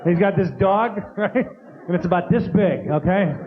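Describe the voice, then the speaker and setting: A man doing a stand-up comedy routine on a theater stage, animated and full of mimicked sounds. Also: high voice, brisk. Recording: dull lo-fi tape with noise.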